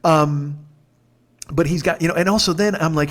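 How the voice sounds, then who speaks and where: A man's voice: on the high side, fairly quick. A man in his forties hosting a comedy podcast, telling a story in a rambling, profane and incredulous rant that is full of restarts. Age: 40s.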